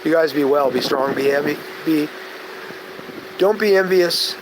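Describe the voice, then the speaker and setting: A man chatting on a live stream, telling rambling stories and losing his train of thought, sometimes going soft and gentle. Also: on the high side, unhurried, background noise. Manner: tangential, storytelling, loses his train of thought; gentle, soft-spoken when calming people. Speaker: vlogger.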